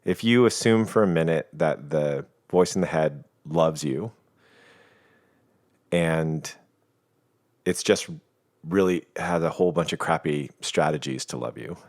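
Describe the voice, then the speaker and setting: A man talking as a podcast guest, explaining ideas in a calm, reflective and playful way. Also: extremely low pitch, measured pace, long pauses. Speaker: guest, coach. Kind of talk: reflective conversation.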